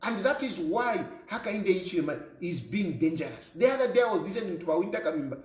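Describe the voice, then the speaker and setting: A man's voice: high voice, lively intonation, quick pace, reverberant. A Zambian man giving an impassioned political monologue, firing off repeated rhetorical questions and switching between English and a local language. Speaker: political commentator.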